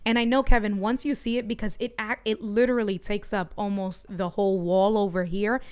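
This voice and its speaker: A middle-aged woman streaming from her home studio, telling a story in an animated way and talking to her chat. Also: medium pitch, a little fast, smooth. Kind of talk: casual livestream chat.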